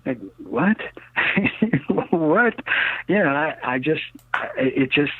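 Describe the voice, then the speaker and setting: A man's voice: fairly high pitch, lively intonation, takes it slowly, slightly rough. A man in his sixties, a rocket builder interviewed as a guest, telling rambling stories in an emphatic, cynical way, leaning on "okay?" and "you know" between thoughts. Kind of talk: casual rambling storytelling interview. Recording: dry tinny phone line.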